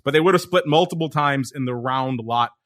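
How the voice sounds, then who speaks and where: Bright-voiced energetic male podcast host. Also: medium pitch, brisk. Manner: energetic, talkative, reads listener questions aloud. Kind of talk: casual podcast chat.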